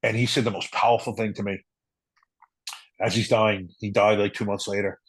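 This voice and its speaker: A middle-aged man, a retired police officer, earnestly telling a personal story in an interview, halting and emotional at times. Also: lowish voice, flat delivery, breathy edge, no room sound, rough recording.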